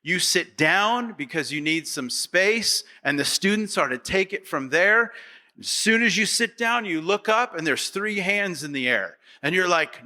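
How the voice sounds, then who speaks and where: Preaching with lively intonation and no rush, a male pastor uses a high, bright and forceful voice. During the sermon he quotes the congregation by acting out their voices, and he leans on repeated rhetorical questions to the audience.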